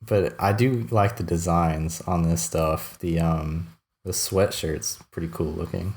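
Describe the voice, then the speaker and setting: A man's voice: low-pitched, steady tone, unhurried, creaky, darkish tone. A man co-hosting a podcast, chatting in a laid-back, wry way. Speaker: podcast co-host. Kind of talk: casual chat.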